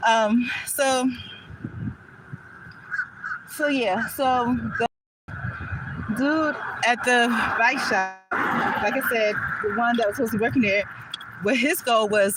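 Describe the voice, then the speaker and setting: Out of breath woman vlogging on the street, rambly and chatty, loud traffic all around. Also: a little high. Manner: chatty, rambling, many fillers. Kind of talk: casual storytelling vlog. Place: outdoors on a street, walking a bike. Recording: loud outdoor street noise.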